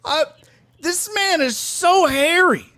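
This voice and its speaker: A man's voice: very high voice, takes it slowly. A man, a comedian and sports talk host, telling a crude story as a guest in casual chat. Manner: profane, animated storyteller.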